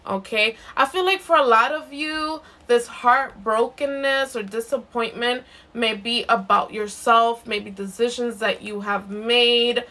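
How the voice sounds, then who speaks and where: A woman giving a live zodiac card reading in a gentle, reassuring way, repeating herself and often checking in with "okay?". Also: on the high side, unhurried, hardly any pauses. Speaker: intuitive card reader.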